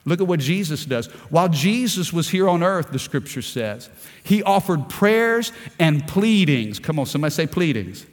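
Impassioned preacher in a reverberant hall. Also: male voice, a little high, very animated, normal speed. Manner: impassioned preaching with call-and-response prompts; stammering restarts. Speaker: pastor. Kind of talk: sermon.

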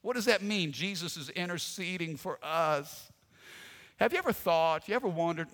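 A male pastor delivering an energetic sermon, leading the congregation in call-and-response and shouted refrains. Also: high-pitched, moderate pace. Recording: long hall reverb.

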